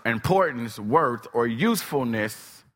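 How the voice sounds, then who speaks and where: A man preaching a sermon with dramatic storytelling, swinging from shouts to whispers. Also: mid-range voice, expressive, slow, big-room sound.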